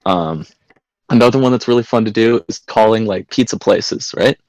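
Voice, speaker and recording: A man's voice: fairly low pitch, normal speed, a little mellow, no echo, poor audio. A young man, a podcast guest, casually telling prank-call stories and crude jokes. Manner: storytelling, crude jokes, acts out voices. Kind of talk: casual chat.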